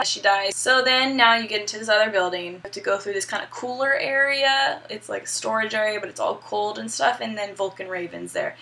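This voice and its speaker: A woman's voice: mid-range voice, brisk, gravelly, few pauses, pushed and bright. A young woman casually recapping a video game story, chatty and upbeat with some swearing. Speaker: gaming video host.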